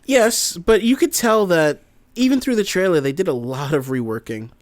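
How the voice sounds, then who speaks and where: Male podcast co-host, lively up-and-down pitch, dry close sound, casual and profane. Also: moderate pace, no room sound. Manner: animated, steers the conversation, swears casually. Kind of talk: casual chat.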